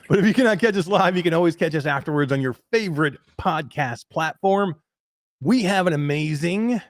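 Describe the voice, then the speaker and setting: A man with a New York accent hosts a live podcast from his home. He rambles excitedly, full of fillers and restarts. The sound is close and dry. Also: fairly high pitch, no echo. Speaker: host. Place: emptied home den.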